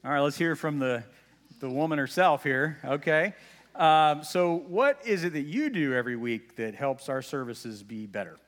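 Man, pastor, folksy conversational sermon, slightly high pitch, reverberant church hall. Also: lively intonation, moderate pace. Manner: conversational, folksy preaching with asides. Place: church sanctuary.

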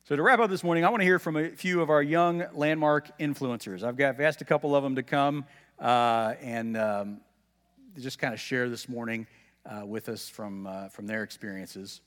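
A man's voice: mid-range voice, moderate pace, a bit bright. Folksy pastor man in an echoing church. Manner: conversational, folksy preaching with asides. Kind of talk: sermon. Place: church sanctuary. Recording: long reverb of a church hall.

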